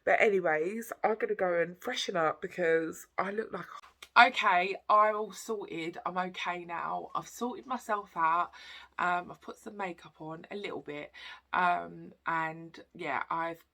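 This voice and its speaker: A woman in her thirties talks straight to her camera in a personal vlog, her voice pitched fairly low with a gravelly fry. She is heartfelt and a little tearful, drifting through fillers and half-finished thoughts as she opens up. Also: measured pace, bright, forceful tone. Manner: heartfelt, rambling with many fillers. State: tearful, emotional. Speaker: vlogger.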